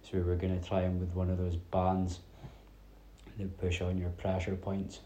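Low, flat-voiced man from north-east Scotland. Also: moderate pace, echoey room, a little hiss or hum. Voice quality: drops his T sounds. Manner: rambling, chatty storytelling with many fillers. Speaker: podcast host. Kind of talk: casual solo podcast chat.

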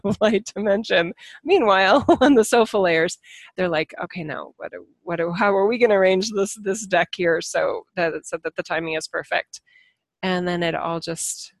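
Speaking as a spiritual channeler and teacher, a woman talks casually with her followers, earnest and animated, laughing often as she reflects on herself. Her voice is lowish and the recording is dry.

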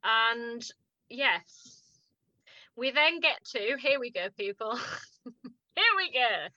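Bright, animated northern English woman. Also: on the high side, takes it slowly, no room sound, lo-fi sound. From northern England. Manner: animated, laughing often, acting out quotes. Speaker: podcast co-host. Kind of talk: casual chat recapping a TV drama.

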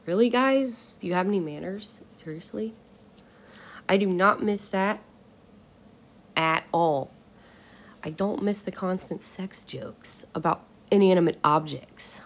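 A woman's voice: lowish voice, measured pace, long pauses. A woman hosting a casual solo podcast, ranting bluntly and with exasperation, swearing casually. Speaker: podcast host.

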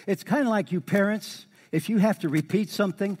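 A middle-aged male pastor preaching a sermon, his voice a touch higher than most men's. He talks in a folksy, conversational way, repeats key words for emphasis and rises into lively exhortation. A long reverb trails each phrase, as in a big church hall. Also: fairly quick, hardly any pauses. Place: church sanctuary.

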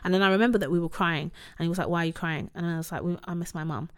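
A woman's voice: fairly low pitch, steady tone, racing, clean tone. A woman in her thirties, casually and candidly telling a personal story with lots of "like" and "you know". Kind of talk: casual conversation.

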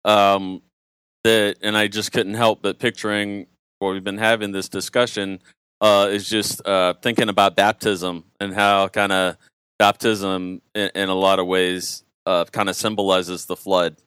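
Low, smooth-voiced male podcast co-host. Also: level tone, a little slow, fairly bright tone, dry recording. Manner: thoughtful, hesitant with fillers. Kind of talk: casual religious podcast chat.

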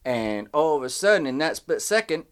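A man's voice: fairly high pitch, moderate pace, clear, resonant tone. A man telling a long, rambling personal story in casual chat with a friend, stopping and restarting his sentences. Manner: rambling, animated anecdote with self-interruptions. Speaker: podcast co-host telling a story.

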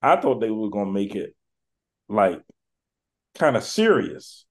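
A man's voice: on the low side, sing-song, measured pace. A man hosting a podcast, chatting in a laid-back, slangy, rambling way. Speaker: podcast host. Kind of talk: casual chat.

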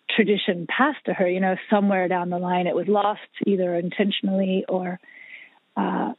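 A woman's voice: fairly low pitch, no echo. Woman on a tinny phone line. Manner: chatty, lots of fillers and restarts. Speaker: podcast guest, musician. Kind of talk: casual interview storytelling. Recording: husky, dry, phone-like line.

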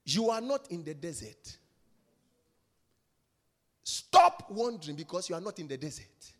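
A man preaching a sermon with emphatic repetition, swinging from loud shouts down to hushed whispers. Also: high-pitched, big pitch swings, a little slow, big-room sound.

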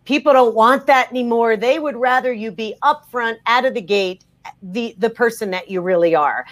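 Woman guest on a podcast, punchy and energetic, voice on the high side, keeps restarting her lines. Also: moderate pace. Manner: emphatic, energetic, with many restarts. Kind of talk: podcast interview.

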